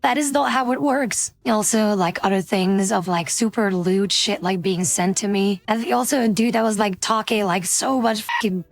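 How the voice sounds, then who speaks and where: A woman's voice: mid-range voice, steady tone, moderate pace, few pauses, no echo. A young woman streamer chatting casually and telling stories about strange messages she gets, swearing freely and laughing often. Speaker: VTuber streamer. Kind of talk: casual stream chat, storytelling.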